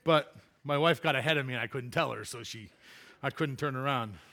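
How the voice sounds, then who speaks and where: A man's voice: medium pitch, brisk, pushed and bright. A man preaching as a pastor, telling a funny personal story in a chatty way and laughing at himself before turning to scripture.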